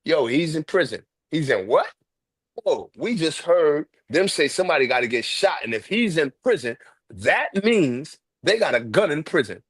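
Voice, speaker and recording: A man's voice: fairly high pitch, big pitch swings, moderate pace, slightly rough, no room sound. Harsh-toned New York man. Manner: harsh, aggressive street talk. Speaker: host. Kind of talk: casual storytelling.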